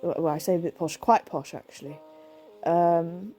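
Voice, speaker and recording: A woman in her thirties with vocal fry, tired from lack of sleep, chatting casually and rambling with lots of fillers while playing a video game. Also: lowish voice, normal speed, mellow. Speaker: game streamer. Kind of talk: casual let's-play commentary.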